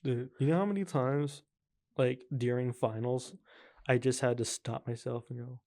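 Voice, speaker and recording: A man's voice: medium pitch, steady tone, moderate pace, darkish tone. Laid-back young man hosting a podcast. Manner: laid-back, heavy use of filler words. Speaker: podcast host. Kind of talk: casual chat.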